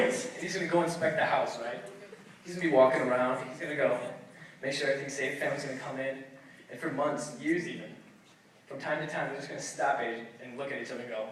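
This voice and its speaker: A young man performing a stand-up set, telling a story and acting out voices with loud outbursts. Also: mid-range voice, fast talker, a crowd in the background. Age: young adult. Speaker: stand-up comedian. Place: comedy night venue, audience laughing. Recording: echoey room, distant mic, noisy.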